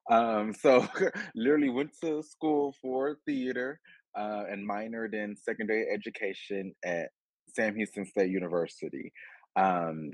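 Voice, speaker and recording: A man's voice: on the low side, no echo. A young man, an earnest and reflective interview guest who laughs easily. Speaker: guest, theater teacher. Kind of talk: interview answer.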